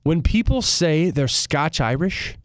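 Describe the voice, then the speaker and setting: A young man chats as a guest in a studio, mixing thoughtful reflection with quick jokes. His voice is smooth and clear, and the close mic leaves it dry with no room sound. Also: fairly high pitch, lively intonation, dry recording. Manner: reflective, joking. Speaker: guest musician. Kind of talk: casual chat.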